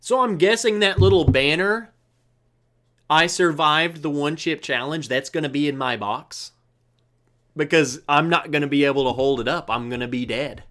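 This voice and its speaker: A man's voice: on the high side, moderate pace, fairly bright tone. A man hosting a live stream, chatting casually and joking as he greets viewers by name. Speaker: livestream host. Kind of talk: casual live chat reading viewer comments.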